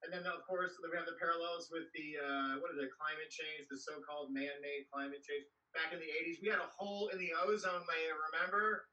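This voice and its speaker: A man's voice: a little high, flat delivery, fairly quick, few pauses, bright, forceful tone, lo-fi sound. A man in his thirties doing a stand-up comedy set from his home office over a video call, rambling with self-deprecating asides. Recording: distant, noisy video call audio.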